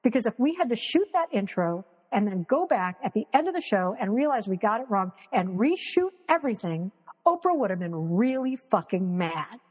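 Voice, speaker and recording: A woman guest on a video call tells stories animatedly in a casual interview, acting out what people said and swearing freely. Her medium-pitched voice is slightly rough and moves at a moderate pace, with a long reverb tail and poor audio.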